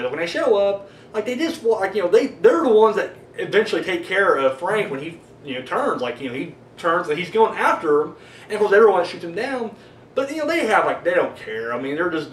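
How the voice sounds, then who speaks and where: A man's voice: fairly high pitch, slight background noise. A man giving a casual, rambling horror movie review, swearing freely and full of fillers. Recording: echoey room, voice a bit far from the mic.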